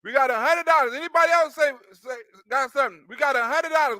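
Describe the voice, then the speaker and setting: A man hosting a live stream, reacting loudly to a clip with jokes, laughter and repetition. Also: very high-pitched, quick pace, dry recording. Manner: loud, joking, laughs often, repeats himself. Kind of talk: casual stream commentary.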